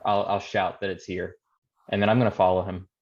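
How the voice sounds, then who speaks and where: Man, tabletop player, decisive, gravelly, muffled lo-fi recording. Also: deep voice, flat delivery, fairly quick. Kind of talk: tabletop role-play. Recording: dull lo-fi mic.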